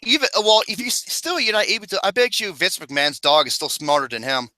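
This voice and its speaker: A man's voice: high voice, big pitch swings, brisk, heavy background noise. A man co-hosting a podcast in casual chat, teasing the others with crude jokes. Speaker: podcast co-host.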